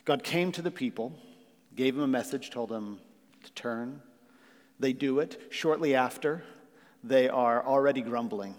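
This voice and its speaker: A man's voice: mid-range voice, unhurried. A man preaching an earnest sermon as pastor, using fillers and rising to emphatic questions. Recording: long reverb of a hall.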